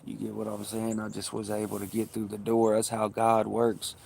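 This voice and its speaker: A man's voice: on the low side, completely flat delivery, moderate pace, creaky, darkish tone, a little hiss or hum. A man telling stories on a livestream in blunt, profane, laid-back street talk. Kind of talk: casual storytelling on a livestream.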